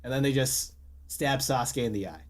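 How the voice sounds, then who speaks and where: Ranting, animated male podcast host. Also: medium pitch, moderate pace. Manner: animated, swearing, exasperated ranting. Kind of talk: casual chat.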